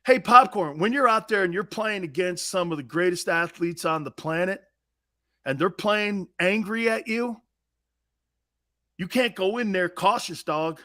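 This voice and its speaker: A brash, profane man in his fifties hosting a sports talk show, telling loud stories in a casual way. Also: high-pitched, measured pace. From United States. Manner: brash, profane, storytelling with loud shouted quotes.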